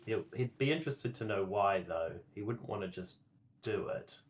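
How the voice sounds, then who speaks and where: A man playing in a tabletop game, speaking in a measured, skeptical way. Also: lowish voice, animated. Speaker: player. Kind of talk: casual tabletop game chat.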